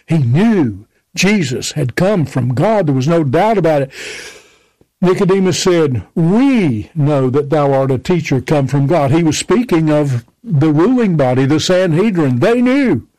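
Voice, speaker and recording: A man's voice: a little high, lively intonation, takes it slowly, mellow, no room sound, poor audio. A man preaching a sermon, emphatically quoting and explaining scripture.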